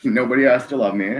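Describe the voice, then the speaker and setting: A man hosting a live stream, reading chat and speaking earnestly, halting with many ums and restarts, close to tears. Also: mid-range voice, a bit bright, a little hiss or hum.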